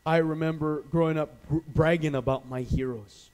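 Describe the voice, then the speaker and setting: A Canadian pastor delivers a sermon at a moderate pace in a slightly high voice, telling stories animatedly and imitating the voices of those he quotes. The recording quality is rough.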